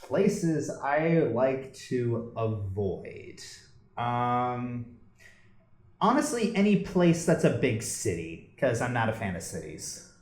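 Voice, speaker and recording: A man in a casual chat, teasing and halting, often restarting his sentences. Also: medium pitch, sing-song. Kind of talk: casual video-call chat. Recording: echoey room.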